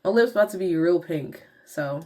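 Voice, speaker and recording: A woman's voice: lowish voice, expressive, normal speed, mellow. A young woman vlogger chatting casually to viewers in slangy talk while walking through her skincare routine. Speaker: beauty vlogger.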